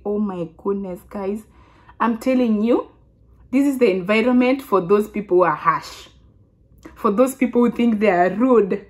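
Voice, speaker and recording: A Kenyan woman in her twenties telling a casual story to her vlog audience, chatty and animated, often restarting her sentences. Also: mid-range voice, normal speed. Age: 20s. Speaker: vlogger.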